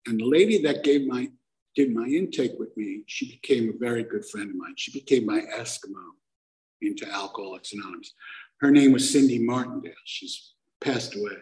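A man's voice: medium pitch, brisk, a little mellow, poor audio. A man telling a personal story to a live audience in a conversational, self-mocking way, acting out the voices he quotes.

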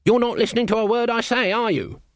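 A man voicing a stern, sharp-tongued old female witch with a dry, scolding manner, in a storybook reading. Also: very high voice, quick pace, no echo, voice pushed up.

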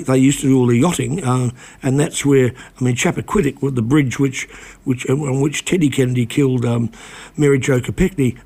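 Older man, gravelly and husky. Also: fairly high pitch, a little mellow. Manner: halting, many restarts and repeated words. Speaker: guest, former reporter. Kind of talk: casual radio conversation.

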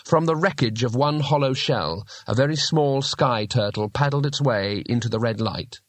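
A man narrating a fantasy audiobook in a measured, steady way. His pitch sits in the middle range, and the recording is dry and close with no room echo. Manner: measured, storytelling. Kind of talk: scripted narration.

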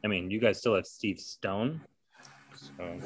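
A man's voice: fairly low pitch, measured pace, breathy edge. A man hosting a podcast, chatting casually about baseball and teasingly quizzing his co-host. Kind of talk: casual sports chat.

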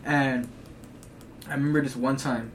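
A man's voice: medium pitch, steady tone, measured pace. A teenage man in casual chat, telling rambling stories in heavy slang. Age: teens. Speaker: co-host. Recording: distant mic with background hiss.

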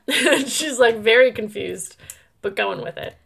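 Comic female podcast co-host: high, bright voice with deadpan asides in casual chat. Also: takes it slowly, creaky, long pauses, husky.

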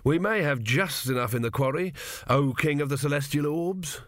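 A man voicing an eager, fawning salesman with a smooth sales patter. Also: fairly high pitch, moderate pace, no echo, voice pushed up, close to an everyday voice.

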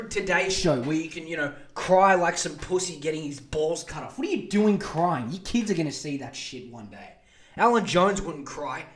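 A man hosting a podcast, giving a crude, sarcastic comedic rant full of mocking insults. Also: high voice. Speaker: podcast host. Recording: echoey room.

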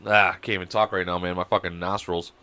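Crude, bright-voiced man telling stories. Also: low-pitched, flat delivery, fast, smooth. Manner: crude, storytelling, laughing often. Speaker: podcast co-host. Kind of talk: casual chat. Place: home, over video call.

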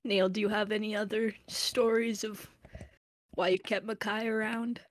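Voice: mid-range voice, little pitch movement, normal speed, a little hiss or hum. A podcast co-host on a casual chat show who teases the others and steers the conversation.

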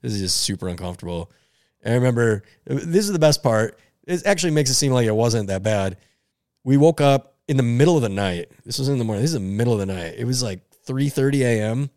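A man's voice: medium pitch, expressive, fast, darkish tone, no echo, clean studio sound. A man telling a funny story in a casual podcast chat, laid back and laughing between lines.

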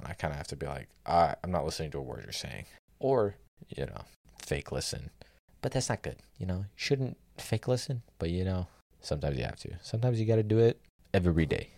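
A young man with a very low, darkish voice laced with gravelly rasp rants through casual stories in an exasperated, sardonic tone, swearing freely. The recording is close and dry, with no room sound.

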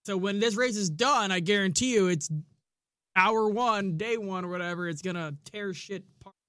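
High-voiced blunt man, dry close sound. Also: normal speed, sharp tone, clear, resonant tone, dry recording. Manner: blunt, rambling, swears freely. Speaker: podcast co-host. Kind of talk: casual chat.

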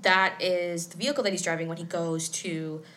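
A woman's voice: fairly low pitch, fairly even intonation, brisk, fairly bright tone. A woman co-hosting a podcast, recapping an episode in easygoing, rambling chat. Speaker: podcast co-host.

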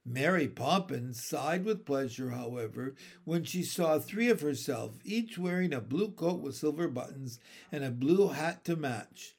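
A man narrating a children's storybook in a measured, gentle way. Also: on the high side, lively intonation, gravelly, husky. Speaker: audiobook narrator. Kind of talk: storybook reading.

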